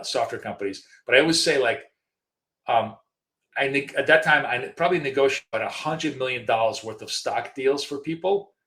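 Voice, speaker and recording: A man's voice: medium pitch, bright, forceful tone, roomy sound. A middle-aged man co-hosting a live trading stream, talking casually with lots of fillers and restarts. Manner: chatty storyteller, frequent fillers and restarts. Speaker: trading show co-host.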